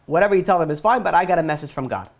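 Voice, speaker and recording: A man's voice: on the high side, animated, very fast. A man voicing a stern prophet who confronts a king with pointed questions. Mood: challenging.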